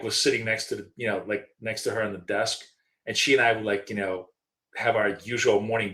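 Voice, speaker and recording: In an echoey room, a chatty middle-aged co-host of a trading show talks casually about live trading. He speaks with a lowish, fairly bright voice and rambles like a storyteller, often using fillers and starting sentences over.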